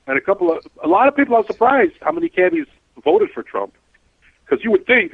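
A man's voice: a little high, big pitch swings, quick pace, dry recording. A man hosting a talk show, rambling and frustrated, with lots of restarts. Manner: rambling, stop-start, frustrated. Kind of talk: casual talk show discussion. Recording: tinny phone-like line.

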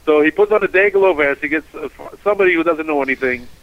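Fast-talking New cabbie on radio. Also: male voice, fairly high pitch, muffled recording. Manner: storytelling, animated, acts out dialogue. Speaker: cab driver. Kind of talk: casual radio chat.

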